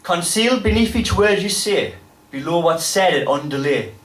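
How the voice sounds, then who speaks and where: A man with a Geordie accent performing spoken-word poetry on stage, with dramatic delivery and sudden loud bursts. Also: fairly high pitch, lively intonation, normal speed, far from the mic. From North East England. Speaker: poet. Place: pub venue with a live audience. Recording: roomy live pub recording from afar.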